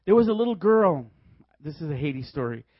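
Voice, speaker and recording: A man preaching a sermon, telling stories in a lively way and laughing often as he goes. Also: a little high, a little fast, no echo, dull audio. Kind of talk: sermon with storytelling.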